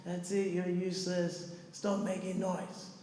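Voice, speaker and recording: A belligerent drunk man on a commuter train, swearing and jeering in a pitched-up, sneering voice, as a male storyteller puts him on. The sound rings around a big echoey hall with a long tail of reverb. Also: completely flat delivery, a little slow, mellow, slight background noise. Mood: hostile. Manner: hostile, threatening, mocking.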